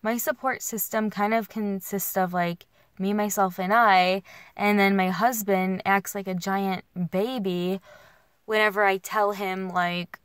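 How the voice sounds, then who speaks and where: A woman's voice: mid-range voice, steady tone, unhurried, smooth, no echo. A young woman vlogging while driving, rambling through emotional restarts and filler words, sounding worn and alone. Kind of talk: casual venting while driving. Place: in a car.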